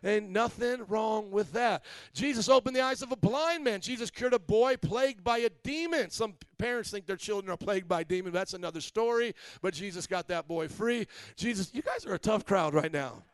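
A pastor from Indiana preaches in a high, bright-pitched male voice, keeping it loose and joking. He keeps checking in with the congregation through questions. The sound is close and dry. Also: normal speed, clear, resonant tone, no room sound. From Indiana, USA. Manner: conversational and joking, quizzes the congregation. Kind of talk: sermon.

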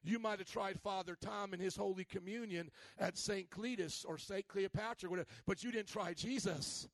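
Man, pastor, lively sermon, slangy and playful, calls for responses, high voice. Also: normal speed, gravelly, no echo. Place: church service.

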